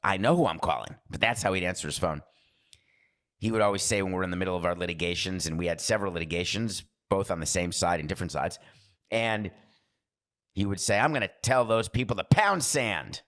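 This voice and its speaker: A man's voice: low voice, lively intonation, fairly quick, a bit bright. A man hosting a podcast, talking in a rambling, digressive monologue that keeps interrupting itself. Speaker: podcast host. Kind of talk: casual monologue.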